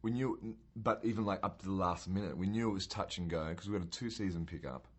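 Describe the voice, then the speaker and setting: Low-pitched guy, cast member, thinking out loud in an interview. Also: fast, breathy edge. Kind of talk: reflective interview talk.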